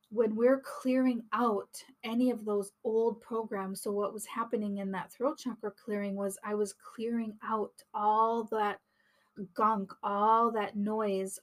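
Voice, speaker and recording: A woman hosting a podcast, telling her personal story in an earnest, reflective way, often restarting her sentences. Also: medium pitch. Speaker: podcast host and healer.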